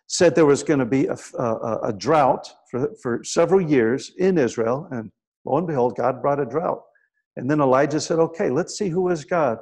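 Man preaching a sermon with "right?" asides. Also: mid-range voice. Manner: storytelling preaching, dropping to a hushed voice for quiet moments; frequent "right?" asides to the congregation.

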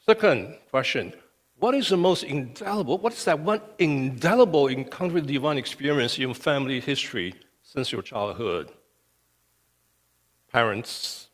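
A man's voice: medium pitch, expressive, moderate pace. A male pastor preaching a sermon with emphasis, often checking in with "okay". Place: church sanctuary. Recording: long reverb of a church hall.

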